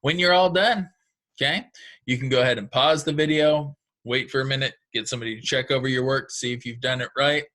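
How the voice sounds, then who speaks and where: A man's voice: medium pitch, fairly quick, sharp tone. A man teaching second graders a recorded phonics lesson, patient and encouraging, explaining step by step.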